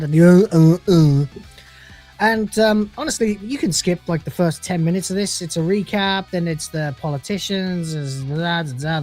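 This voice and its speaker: A man's voice: sits high, a little mellow. A man delivering a scornful, sarcastic review of a TV episode, swearing freely as he rants. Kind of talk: ranting review.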